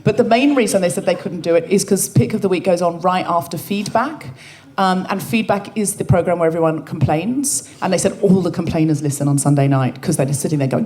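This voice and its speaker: A woman co-hosting a comedy podcast, telling wry, animated stories to a live audience on a stage microphone. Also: on the low side. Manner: wry, animated, quick to joke and quote others. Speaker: podcast co-host.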